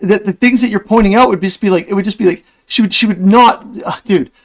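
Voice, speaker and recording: A man in a heated online debate, talking rapidly and swearing defensively. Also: high voice. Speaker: streamer.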